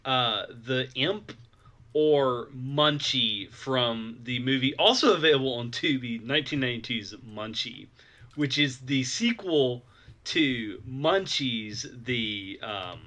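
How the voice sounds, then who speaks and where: A man chiming in on a casual movie chat with dry, joking asides. His voice is bright and crisp, and his pitch moves around a lot. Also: lively intonation, takes it slowly. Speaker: podcast co-host.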